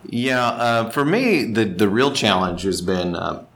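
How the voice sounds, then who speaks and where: Low-voiced Texan voice actor, relaxed, self-deprecating interview talk. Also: male voice, a little slow. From Texas. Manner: self-deprecating, slips into voice impressions. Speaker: voice actor and director.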